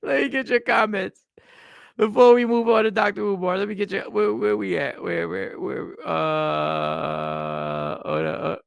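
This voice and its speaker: A man hosting a livestream who jokes, riffs and rambles, his voice high and gravelly. He is recorded dry and close to the mic, with no room sound. He restarts his sentences often. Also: a little slow, no room sound. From Puerto Rican background. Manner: animated, joking, rambling with restarts. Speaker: livestream host. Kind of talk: casual livestream commentary.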